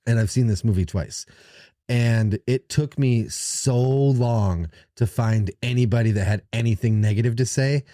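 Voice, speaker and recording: A man's voice: medium pitch, a little slow, mellow, no room sound, clean studio sound. A man co-hosting a casual podcast chat, telling rambling, profane stories with lots of restarts. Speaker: podcast co-host.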